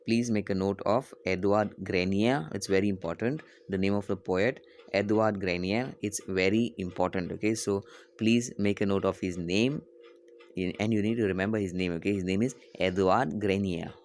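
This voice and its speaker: A male teacher reading a French poem aloud slowly, repeating each line and translating it, often correcting himself. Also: low voice, fairly even intonation, slight background noise.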